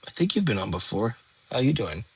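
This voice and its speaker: A tired young man, hosting a relaxed livestream and chatting with viewers from home. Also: mid-range voice, fairly quick, husky, no room sound. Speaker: livestream host. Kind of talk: casual livestream chat. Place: home, lying down.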